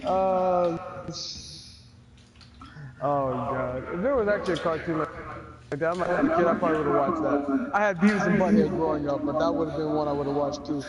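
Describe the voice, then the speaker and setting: A man's voice: on the high side, normal speed, pauses often, over a noisy crowd, poor audio. A man in casual chat, laid-back, chiming in with short agreements and laughs.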